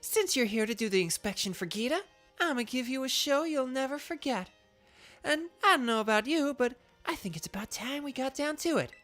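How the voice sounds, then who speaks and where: A woman voices a bubbly young streamer girl who is also a gym leader, pitching herself well above her natural voice for a game character during a playthrough. She fires off peppy, showy greetings in a swooping, lively melody, sounding slightly congested with a dry throat. Her pace is a little fast, with soft music in the background.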